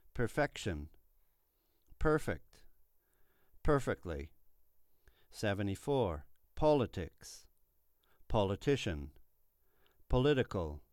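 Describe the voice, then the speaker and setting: A man reading numbered word lists aloud for a pronunciation lesson, slowly and deliberately, each word clearly articulated. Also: fairly low pitch, no room sound, studio quality. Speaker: pronunciation teacher.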